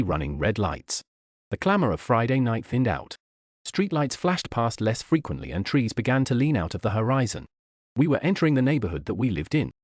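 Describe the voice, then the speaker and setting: A man narrating an audiobook in an expressive, wry manner on a studio mic. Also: medium pitch, dry recording.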